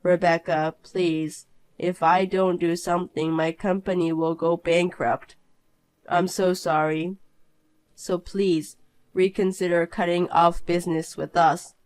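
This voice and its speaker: A woman voicing a snobbish, cheating rich young man in an animated story, sneering and then pleading. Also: fairly low pitch, measured pace, clear, resonant tone, no echo, close to an everyday voice, rough recording.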